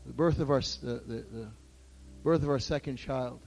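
A man preaching a sermon to his church, his voice moving between hushed, intimate passages and loud, impassioned outbursts. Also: medium pitch, normal speed, gravelly, faint music behind. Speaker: pastor.

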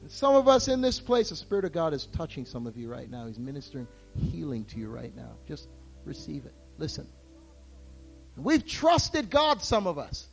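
A man preaching a sermon to his church, his voice moving between hushed, intimate passages and loud, impassioned outbursts. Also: on the high side, wildly swooping pitch, normal speed, creaky, faint music behind. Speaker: pastor.

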